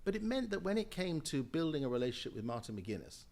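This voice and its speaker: A fairly high, gravelly voice talks fast, with a little hiss or hum in the audio. It belongs to an older Jamaican and British man in the House of Lords, a podcast interview guest who tells lively stories emphatically and often laughs.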